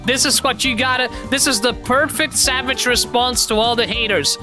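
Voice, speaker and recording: A woman streamer giving loud, playful commentary over a party game, laughing and swearing freely as she goes. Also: a little high, steady tone, normal speed, over music.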